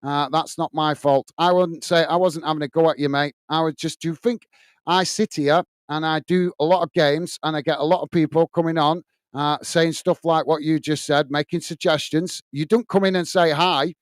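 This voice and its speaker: A middle-aged man with an English accent calls a live football match and reads out viewer chat, calling everyone mate. His voice is smooth and clear and sits a little high. It is recorded close on a dry mic with no room sound. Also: fairly even intonation, moderate pace, no room sound. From England. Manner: blunt, upfront, addresses viewers as mate. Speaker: watch-along host.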